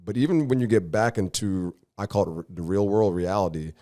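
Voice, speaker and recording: A man's voice: low-pitched, brisk, warm tone, no echo, studio quality. A man as a podcast guest, telling his story in an earnest, reflective way. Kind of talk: casual conversational interview.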